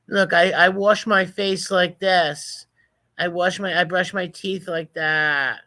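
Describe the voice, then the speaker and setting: A man's voice: high voice, steady tone, takes it slowly, pushed and bright, dry recording. A man giving profane, mocking reaction commentary over video clips. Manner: mocking, profane, running insults.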